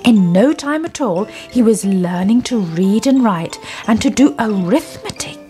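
A woman reading a children's story aloud in a slow, expressive storytelling manner. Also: mid-range voice, soft background music.

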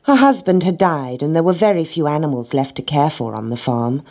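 A low, husky woman's voice reads a children's story aloud. She is gentle and expressive, her pitch rising and falling freely through the telling. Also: a little fast. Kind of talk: storybook reading.

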